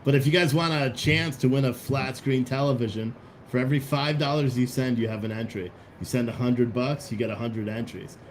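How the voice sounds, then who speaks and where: A man's voice: mid-range voice, fairly even intonation, brisk, slight background noise. Casual male streamer, mid-range voice, blunt and rambling, faint room ambience behind. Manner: rambling, blunt, profane, with restarts. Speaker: livestream host. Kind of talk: casual livestream commentary reading chat.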